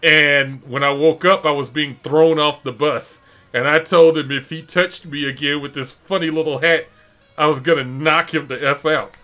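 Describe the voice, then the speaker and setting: A man's voice: fairly high pitch, normal speed, faint music behind. A middle-aged man from Detroit, telling stories in a casual chat and laughing often. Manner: animated, laughing often, acting out quotes. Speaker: streamer host. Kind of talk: casual storytelling.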